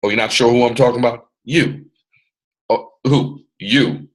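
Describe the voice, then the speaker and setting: Loud motivational guy on a video call, husky voice, repeats himself like a preacher. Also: mid-range voice, measured pace, low-quality recording. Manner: boisterous, preacher-like repetition. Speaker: mentor hosting a training call.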